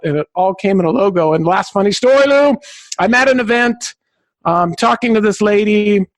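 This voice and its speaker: A man from Southern California, a podcast guest who tells stories in an excitable, high-energy way. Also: a little fast, no room sound. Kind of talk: enthusiastic podcast conversation.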